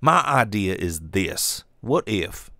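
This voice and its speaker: A man voicing a folksy Southern gentleman executive with a slow drawl, pitching a new menu idea in a boardroom. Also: very animated, creaky, dry recording, clean studio sound, exaggerated voice. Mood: folksy scheming.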